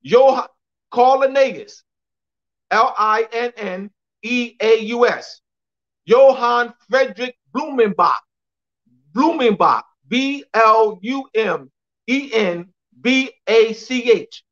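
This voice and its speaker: A man's voice: extremely high pitch, lively intonation, takes it slowly, fairly bright tone, dull audio. A man giving an emphatic lecture on a call, repeating phrases for clarity and spelling out names letter by letter. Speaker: guest speaker.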